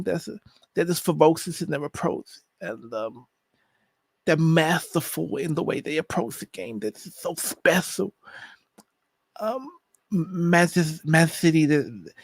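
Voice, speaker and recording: A man doing an impression of a famous boxer, repeating himself in halting, effusive praise. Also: a little high, gravelly, slightly rough, no room sound, exaggerated voice. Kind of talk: impression during casual chat.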